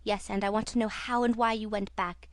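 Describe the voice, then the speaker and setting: A woman's voice: medium pitch, little pitch movement, fairly quick, no room sound, lightly acted. Woman voicing a fierce, desperate young nobleman. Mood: furious. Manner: fierce, urgent.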